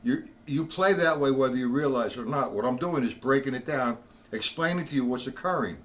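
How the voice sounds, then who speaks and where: A slightly bright, medium-pitched male voice leads a live-streamed drum lesson a little fast. The teacher is sick, coughing now and then, and calls out the count while demonstrating.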